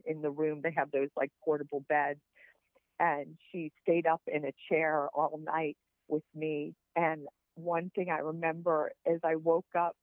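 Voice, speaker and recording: Over a tinny, dry phone line, a woman guest on a podcast shares personal stories in an earnest, heartfelt and encouraging way. Her voice is low, and there is no echo.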